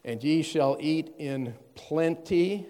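Male preacher, sermon, measured scripture reading, plain explaining, long hall reverb. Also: a little high, mellow. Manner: reads scripture in a measured, stressing cadence, then explains plainly.

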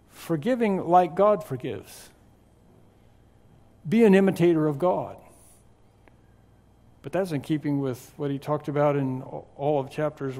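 Higher-voiced preacher with long hall reverb. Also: male voice, warm tone. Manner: emphatic, drawn-out stresses on key words. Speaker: pastor. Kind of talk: expository sermon.

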